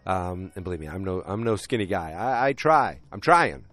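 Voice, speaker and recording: A man casually recapping a TV episode with a deep voice and rambling, jokey asides. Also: very animated, moderate pace, a bit bright, no room sound.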